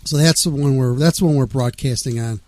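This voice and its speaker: A man's voice: mid-range voice, a little fast, dark tone, dry recording, clean studio sound. A man hosting a casual radio show, rambling and laid-back, reading out press notes and chatting with a caller.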